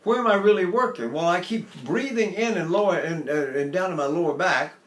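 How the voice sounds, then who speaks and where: A man's voice: high voice, a little fast, a bit bright, roomy sound. An older man teaching a singing lesson, explaining technique and breaking into short sung exercises. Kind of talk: singing lesson with vocal demonstrations.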